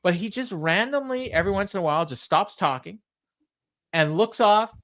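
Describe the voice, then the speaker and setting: A man's voice: high voice, animated, normal speed, fairly bright tone. A man co-hosting a podcast, casually recapping a wrestling show, quoting the wrestlers and laughing often. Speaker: podcast co-host.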